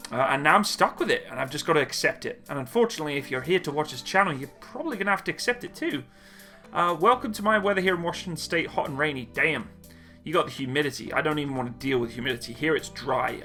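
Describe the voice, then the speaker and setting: A military video channel host runs a live-stream Q&A, reading chat questions aloud and answering each one casually, with jokes and self-mockery. His voice is a little high, bright and forceful.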